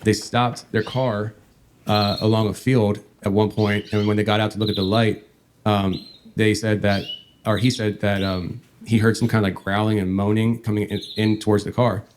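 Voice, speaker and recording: A man hosting a podcast, telling a long story in a meandering, halting way. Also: lowish voice, flat delivery, darkish tone, a little hiss or hum. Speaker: podcast host.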